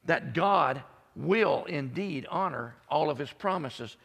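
A man preaching a sermon, building up to loud high-pitched peaks when he stresses a point. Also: animated, slow pace, vocal fry, in a large hall. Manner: preaching, climbing into high shouted peaks for emphasis. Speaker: pastor.

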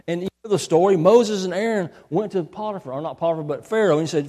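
A man preaches with folksy emphasis, circling back to repeat the lines he wants to land. His voice sits a little high, with a soft, mellow tone. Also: fast talker, big-room sound. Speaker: pastor. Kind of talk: sermon.

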